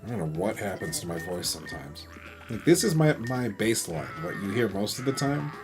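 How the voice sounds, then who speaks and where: Gravelly-voiced wry male streamer. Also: on the low side, very animated, brisk. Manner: wry, grumbling, laughs often. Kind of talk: casual let's-play commentary. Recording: game music behind voice. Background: game music.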